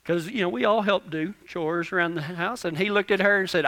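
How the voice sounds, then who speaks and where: Young male preacher, twenties; high, bright voice; animated, repetitive storytelling. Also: brisk. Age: 20s. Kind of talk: storytelling sermon.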